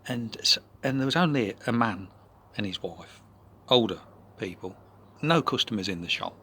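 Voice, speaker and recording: A man telling a rambling personal anecdote, full of asides and now and then dropping into a soft whisper. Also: fairly low pitch, expressive, normal speed, a little hiss or hum. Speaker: vlogger.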